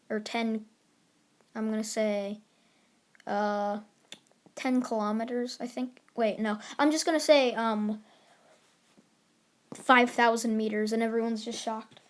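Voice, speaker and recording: A woman retelling a fan story in a casual, rambling way. Her voice sits a bit high, and she keeps stopping to correct herself. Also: steady tone, takes it slowly, pauses often. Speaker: YouTuber storyteller.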